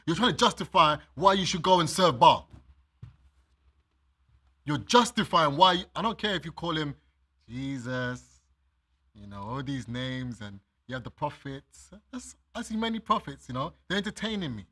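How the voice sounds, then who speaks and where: A male minister preaching, reading verses of scripture and then speaking straight to the congregation. His voice sits a little high for a man, with a bright, tense edge and a husky grain. He makes his points with everyday examples. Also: sing-song, moderate pace. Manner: reads scripture aloud and explains it to listeners; addresses listeners directly with everyday examples. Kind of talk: sermon.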